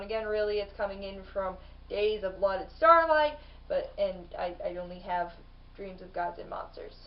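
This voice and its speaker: A woman's voice: fairly high pitch, far from the mic, muffled recording. A young woman chatting casually in a book vlog, bubbly and full of fillers and restarts. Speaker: book vlogger.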